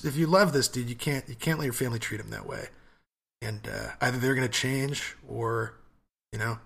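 A man's voice: medium pitch, moderate pace, vocal fry, a bit bright, breathy edge. A man co-hosting a podcast and giving advice in casual chat, blunt and profane, with rambling asides. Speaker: podcast co-host.

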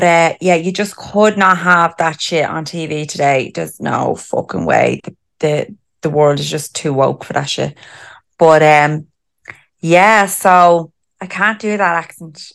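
A woman's voice: on the low side, normal speed, creaky. A middle-aged woman co-hosting a podcast in casual chat, swearing freely and laughing often. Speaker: podcast co-host.

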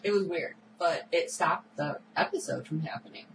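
A woman's voice: low-pitched, normal speed, slight background noise, poor audio. Chatty woman recapping a TV episode. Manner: chatty, animated storytelling with filler words. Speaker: podcast co-host. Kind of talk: casual chat recapping a TV episode.

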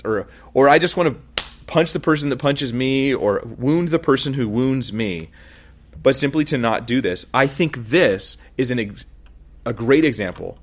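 A male preacher giving a sermon in an easygoing, conversational tone. His voice sits at a mid pitch, and he slips into quick acted asides as he talks through a scripture passage. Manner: conversational, animated, with quoted asides and laughs. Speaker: pastor.

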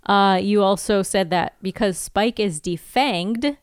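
A woman's voice: mid-range voice, slow pace, smooth, no room sound, studio quality. Congested woman recapping an episode. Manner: lively storytelling with laughs. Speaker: podcast co-host. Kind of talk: casual recap chat.

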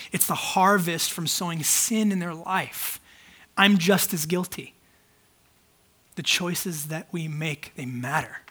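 Pastor, male, high voice, preaches in a loose, candid, conversational way. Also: bright, forceful tone. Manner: conversational, candid, many fillers. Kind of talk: casual sermon.

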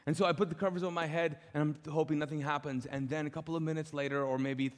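A middle-aged male pastor telling a personal story in a sermon, lively and acting out the dialogue. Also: on the high side, fast talker. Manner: animated, acts out quoted dialogue. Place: church auditorium, live. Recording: long reverb of a large church hall.

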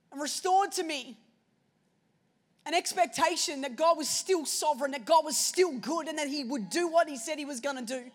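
A woman preacher telling a personal story in a sermon, shifting between hushed and loud moments. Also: high voice.

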